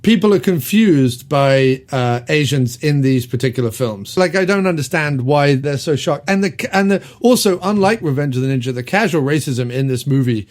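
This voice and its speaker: A man hosting a podcast, reviewing an old movie in casual chat, rambling with lots of ums and quick laughs. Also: mid-range voice, lively intonation, darkish tone. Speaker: podcast host.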